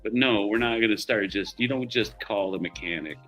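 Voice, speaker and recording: A man's voice: on the low side, a little fast, fairly bright tone, soft background music. A middle-aged man hosting a livestream, telling rambling stories in casual chat, swearing freely and laughing often. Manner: profane, rambling storyteller who laughs often. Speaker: livestream host.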